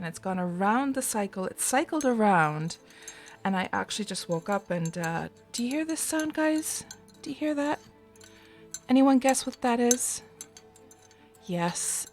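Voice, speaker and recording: A chatty woman hosts a casual game livestream from home, welcoming viewers one by one. Her mid-range voice is still rough and groggy from just waking up. Soft music plays faintly behind her. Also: medium pitch. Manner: chatty, greets viewers by name. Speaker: livestream host.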